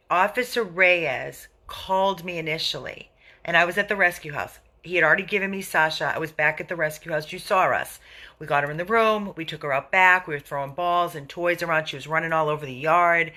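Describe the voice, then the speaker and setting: A woman who runs an animal rescue speaks on a live video, answering viewers' comments one after another. Her voice is bright and sharp. She sounds indignant and often circles back to repeat her points. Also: fairly low pitch.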